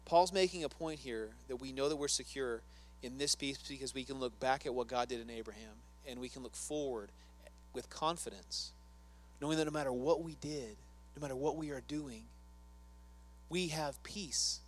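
A man's voice: medium pitch, normal speed. A man preaching a sermon in an earnest, conversational way, often asking his listeners questions. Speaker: pastor.

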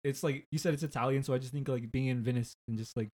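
A man's voice: medium pitch, fairly even intonation, fast talker, a little mellow. A young man with an ordinary mid-range voice, joining a podcast as a guest. He trades teasing jokes with his friends in an easygoing, casual way. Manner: joking, teasing banter. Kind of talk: casual chat.

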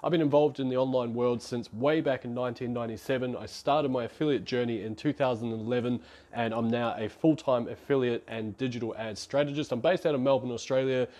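A man's voice: medium pitch, steady tone, a little fast, a little mellow. A man, hosting a solo podcast in a chatty, rambling, self-deprecating way. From New Zealand. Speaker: podcast host.

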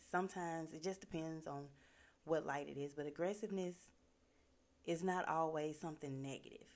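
A woman with a fairly low voice speaks in a casual motivational talk. She is earnest and conversational, and her sentences are full of "like". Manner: earnest, conversational, many fillers like "like".

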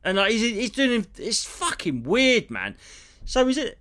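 A man on a podcast, retelling a film in a sweary, animated, rambling way. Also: high-pitched, unhurried. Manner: animated, sweary storytelling with restarts. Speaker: podcast co-host. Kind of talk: casual comedic chat.

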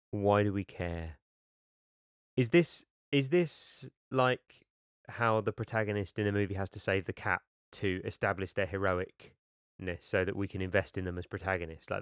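A man's voice: deep voice, smooth, dry recording, clean studio sound. Exasperated man mocking a book. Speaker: book reviewer reading aloud. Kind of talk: sarcastic read-along commentary.

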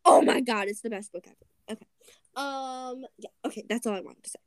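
A woman with a high voice hosts a podcast and reads a children's picture book aloud. She chats and giggles between pages. Her voice sounds close and dry. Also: brisk, a little mellow, dry recording. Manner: giggly, chatty asides. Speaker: podcast host.

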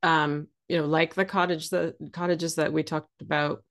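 A woman's voice: low-pitched, little pitch movement, normal speed. A woman co-hosting a podcast in casual chat, mostly answering with short, agreeing replies. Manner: responsive, short agreeing interjections. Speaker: podcast co-host.

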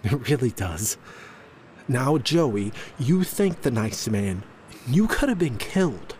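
A man's voice: medium pitch, big pitch swings, slow, darkish tone, slight background noise. A man voicing a frantic, grateful young mother, talking in a breathless, pleading way.

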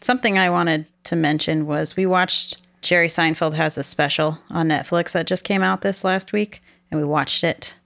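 A young woman co-hosting a podcast in casual chat, blunt and laughing often, animated when retelling stories. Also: low-pitched, normal speed, vocal fry, hardly any pauses, no echo. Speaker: podcast co-host.

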